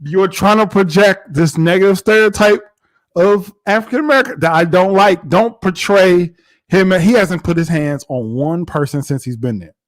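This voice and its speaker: A young man co-hosting a casual live review chat, animated and acting out what others said. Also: high-pitched, normal speed. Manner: animated, reenacts others in quoted voices. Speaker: co-host reviewing a reality show.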